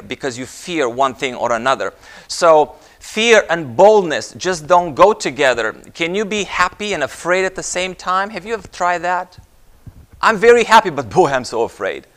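A man delivers a sermon with a bright, sharp voice that sits a little high for a man. He tells humorous stories and rises in pitch when he makes his points. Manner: storytelling with jokes, animated rises in pitch. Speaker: preacher.

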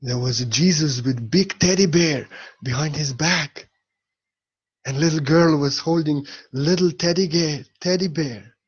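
A man's voice: a little high, measured pace, breathy edge, muffled recording. A man giving an earnest spiritual talk in a vlog, repeating key phrases for emphasis. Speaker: spiritual teacher.

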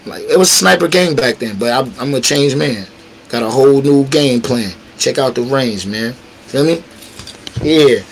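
A man's voice: medium pitch, animated, moderate pace, slight background noise, low-quality recording. A man telling a street story with slang, acting out quotes and sound effects. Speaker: battle rapper telling a story. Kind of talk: animated storytelling.

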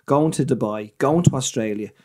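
A man's voice: mid-range voice, moderate pace. A man with an Irish accent, a comedian telling swearing, comic stories in casual chat. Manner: animated, swearing, comic storyteller. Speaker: comedian guest.

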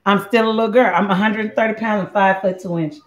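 The host of a live cooking show, a woman with a mid-range voice, speaks a little fast with fairly even intonation. Her tone is playful and chatty as she addresses viewers directly in casual cooking talk. Dull lo-fi sound and room echo color the clip.

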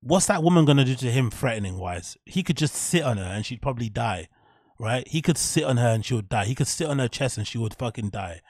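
Male podcast host, quick-talking, blunt and profane, dry close sound, casual commentary. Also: mid-range voice, lively intonation, no room sound.

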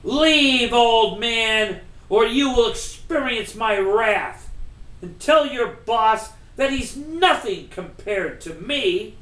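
A man's voice: very high-pitched, animated, slow pace, sharp tone, exaggerated voice. A man voicing an arrogant, menacing man who threatens revenge, in an echoey room. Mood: threatening. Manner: threatening, boastful.

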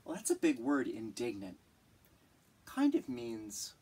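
A teacher reading a picture book aloud to children, pausing to point at pictures and ask gentle questions. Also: medium pitch, huge pitch swings, breathy edge, far from the mic.

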